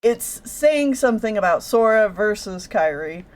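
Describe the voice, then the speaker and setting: A woman's voice: mid-range voice, expressive, a little slow. Thoughtful woman on a podcast. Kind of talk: casual fan discussion.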